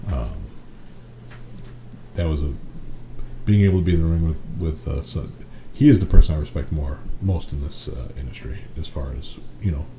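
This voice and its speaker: A man telling stories from his wrestling career in a casual interview, animated, swearing freely and acting out what people said. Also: rumbling low, normal speed, long pauses. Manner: animated storyteller, swears freely, acts out quotes. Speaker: wrestling guest. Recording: echoey room with noticeable noise.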